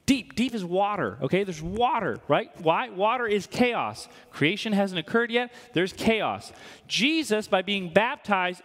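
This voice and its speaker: A man preaching a sermon in church, animated and conversational, quizzing the congregation. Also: sits high. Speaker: pastor. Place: church hall. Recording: long hall reverb.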